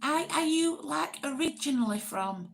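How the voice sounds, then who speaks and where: A woman's voice: high voice, expressive, moderate pace, vocal fry, faint music behind. A woman from Oldham with a Greater Manchester accent, casually chatting to viewers on a livestream and rambling with fillers. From Oldham, England. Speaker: livestream host. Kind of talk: casual live chat reading comments.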